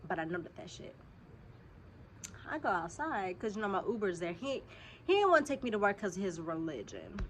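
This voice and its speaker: Animated, profane woman telling a story. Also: mid-range voice, fairly quick, a little hiss or hum. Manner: animated and profane, swinging from hushed asides to loud outbursts. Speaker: storytime vlogger. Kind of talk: casual storytelling to viewers.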